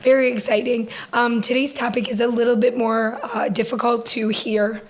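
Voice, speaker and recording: A young woman co-hosting a podcast with her sister, telling stories in a lively, laughing way. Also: on the high side, rough recording. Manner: animated storytelling, quick laughs. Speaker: podcast co-host. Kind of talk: casual sister chat.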